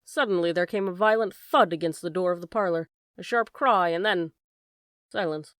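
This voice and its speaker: A woman narrating an audiobook of a classic novel in a measured, even reading. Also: fairly low pitch, no echo, studio quality. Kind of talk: scripted narration.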